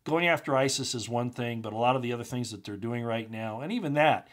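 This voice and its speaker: A commentary channel host delivers an impassioned political monologue, talking fast. He begins low and subdued, then grows loud and agitated, ranting through rhetorical questions.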